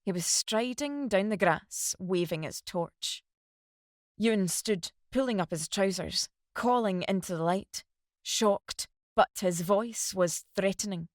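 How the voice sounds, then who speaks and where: A woman reading a dramatic novel aloud as narrator, in steady storytelling. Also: medium pitch, slow pace, dry recording, clean studio sound. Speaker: audiobook narrator.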